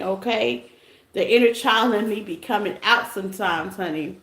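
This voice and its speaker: A woman's voice: medium pitch, measured pace, fairly bright tone. A woman giving a casual live tarot reading, playful and teasing, laughing often and chatting with her listeners. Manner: chatty, calls listeners y'all and baby. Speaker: tarot reader. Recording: echoey room with background noise.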